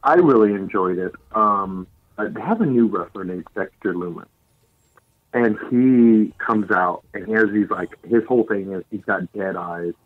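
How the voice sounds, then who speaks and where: A man with a low voice co-hosts a podcast, talking casually and recounting events in an animated play-by-play. His voice is recorded close and dry, with no room sound. The audio is slightly dull and lo-fi. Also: normal speed, no room sound. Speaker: podcast co-host. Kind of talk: casual chat.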